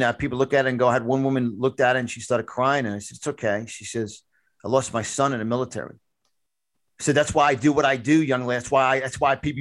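Male talk host, dry close studio sound, mid-pitched voice, forceful storytelling with restarts. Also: no room sound. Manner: animated, repetitive restarts, preachy. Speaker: podcast host and conservative speaker.

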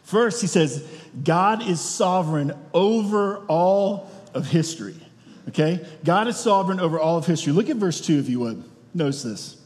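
In a church hall full of long reverb, a man preaches with a high-pitched yet slightly mellow voice, expressive and at a moderate pace. He talks to the congregation conversationally as their pastor, regularly asking them questions.

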